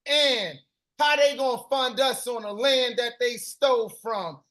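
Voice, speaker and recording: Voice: mid-range voice, unhurried, a bit bright. A live-stream host performing spoken-word poetry in a rhythmic, chanted delivery with repeated refrains.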